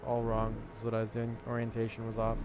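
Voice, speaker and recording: A man's voice: mid-range voice, monotone, fast talker, muffled recording, music in the background. A man casually commenting while playing a game late at night, laid-back and self-deprecating, sounding tired. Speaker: gaming streamer. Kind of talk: casual let's-play commentary.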